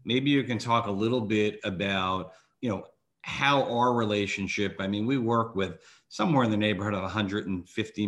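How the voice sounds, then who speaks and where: Low-voiced host asking rambling questions. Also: male voice, fairly bright tone. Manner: rambling questions full of "you know" and restarts. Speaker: financial advisor, podcast host. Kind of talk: interview questions.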